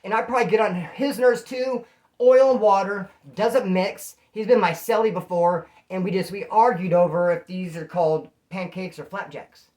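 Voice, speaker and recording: A man's voice: high-pitched, normal speed. A man casually recounting his own story, with lots of slang, acting out other people's voices as he goes. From California. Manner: animated, slangy, acts out quoted voices.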